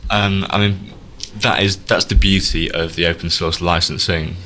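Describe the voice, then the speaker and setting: Deep-voiced dry man. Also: fairly even intonation, normal speed, a bit bright, a little hiss or hum. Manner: dry, wry, reads listener comments aloud. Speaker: podcast co-host. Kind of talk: casual chat.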